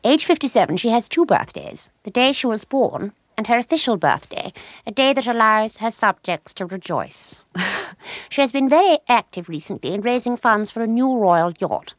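A woman plays a grand, haughty royal lady with a plummy upper-class English accent. She speaks in a slow, stately way, and the voice is dry and close. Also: medium pitch, no room sound, pitched above the performer's own voice, lightly acted. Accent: posh upper-class English. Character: haughty aristocratic royal lady, middle-aged.

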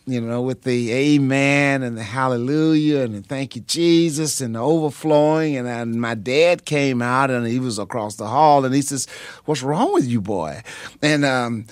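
A pastor and singer telling his story in a radio interview, animated and repetitive, with many pauses and ums. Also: medium pitch, clean tone, no echo.

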